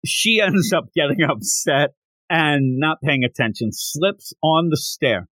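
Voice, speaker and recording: This man's voice sits a bit high, and his pitch jumps up and down all the time. He chats casually as a podcast co-host and acts out bits of dialogue as he goes. The sound is dry and close, with no room tone. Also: dry recording. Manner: animated, acts out characters' lines in quick little voices. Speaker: podcast co-host reviewing manga. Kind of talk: casual chat, recapping the plot.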